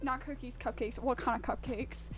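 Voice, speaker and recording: A woman's voice: a little high, fairly even intonation, moderate pace, slightly rough, soft background music. A woman streamer rambling casually and swearing freely while baking in her home kitchen. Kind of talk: casual live-stream chat.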